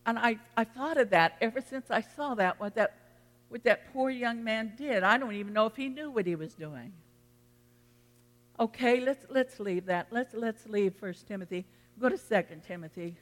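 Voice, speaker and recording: Bright-voiced pastor preaching in a hall. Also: medium pitch, normal speed. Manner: storytelling preacher, folksy and earnest. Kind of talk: sermon. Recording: long reverb of a hall.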